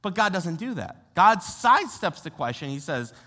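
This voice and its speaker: A young American man, a youth pastor, preaching a sermon in an animated, conversational way and asking his listeners rhetorical questions. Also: sits high, moderate pace. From United States. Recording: long hall reverb.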